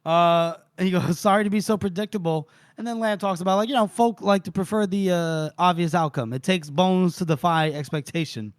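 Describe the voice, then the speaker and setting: A man's voice: high voice, moderate pace, few pauses, no room sound, studio quality. A man co-hosting a podcast, casually retelling book scenes with lots of laughter and quoted dialogue. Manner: animated storyteller, quotes characters, laughs often. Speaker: podcast co-host recapping a book.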